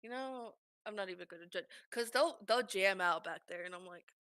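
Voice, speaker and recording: A woman streamer telling work stories in casual chat, animated and swearing freely. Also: medium pitch, normal speed.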